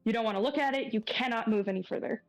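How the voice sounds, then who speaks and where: A woman narrating as game master of a tabletop horror game, unhurried and pausing with fillers as she describes each scene. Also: on the high side, no echo, soft background music, low-quality recording.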